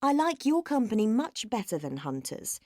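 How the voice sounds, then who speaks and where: A woman's voice: a little high, big pitch swings, moderate pace, a little mellow, dry recording, clean studio sound. A woman acting an affectionate young woman soothing her boyfriend in a textbook dialogue, coaxing and insistent.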